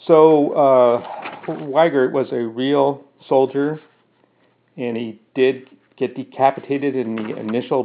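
A man narrates a first-person story in a steady voice of middling pitch, then explains it casually with fillers. The recording is narrow and phone-like. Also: vocal fry, slight background noise. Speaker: storyteller reading his own story.

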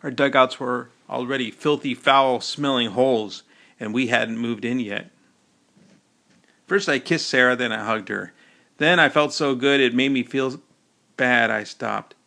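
A man's voice: medium pitch, unhurried, vocal fry, sharp tone. A man narrating a first-person novel as an audiobook, telling the story in a folksy, wry way.

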